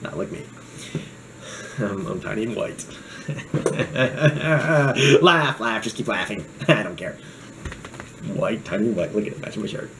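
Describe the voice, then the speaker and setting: A man's voice: on the low side, slow, pauses often, background noise. A young man talking casually to camera in a joking, rambling way, drifting off on tangents as he reviews a knife.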